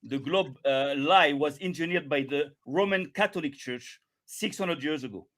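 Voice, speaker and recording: High-pitched male guest, stammers, repeats himself, interrupts constantly. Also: background noise. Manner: halting, stammering, repeats words, talks over others. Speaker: guest in a debate. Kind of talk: heated live debate.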